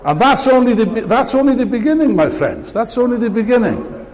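Speaking to an audience in a large hall whose long reverb trails his words, a man delivers a fiery political speech peppered with mockery. His very high-pitched, darkish voice is very animated and brisk.

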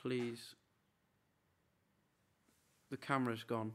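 In a flat, medium-pitched voice, a young man chats casually on a live stream from his apartment room. He runs quickly through a long list of names.

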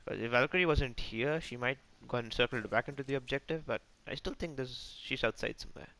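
Male gaming host, bright voice, jumpy and self-mocking play-by-play, slight hiss behind. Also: mid-range voice, brisk. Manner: excitable, self-mocking, talks to teammates and enemies. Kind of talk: live gameplay commentary.

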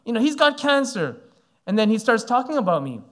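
A man's voice: very high-pitched, big pitch swings, fairly quick, fairly bright tone. A man in his forties from Canada, preaching a sermon as a pastor and telling a story with many fillers. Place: church sanctuary.

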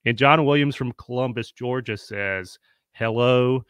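A man's voice: mid-range voice, measured pace, fairly bright tone, clear, resonant tone, no room sound, studio quality. Upbeat man hosting a live stream. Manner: upbeat, chatty, greets viewers by name. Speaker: host. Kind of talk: live-streamed panel interview.

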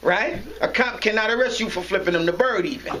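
A man telling a street story in a casual interview, animated and slangy, acting out the voices in it. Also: high voice, brisk, crowd noise, rough recording. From New York. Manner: animated, slangy, acts out dialogue, laughs often.

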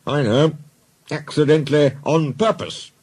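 A man's voice: fairly high pitch, a little slow, darkish tone, breathy edge, voice pushed up. A man voicing two cheeky engine twins with a broad Scottish accent, sounding innocent while being sly.

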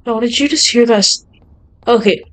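A young woman with a high, smooth voice narrates her horror game run in a jittery, nervous way. She talks straight to her viewers as she plays, sounding easily spooked. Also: normal speed, poor audio. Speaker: gaming channel host. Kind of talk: horror game let's play commentary.

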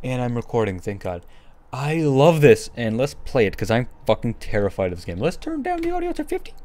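A young man hosting his gaming channel, nervously commenting on a horror game, swearing and repeating himself in hushed murmurs and sudden yelps. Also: mid-range voice, huge pitch swings, a little fast.

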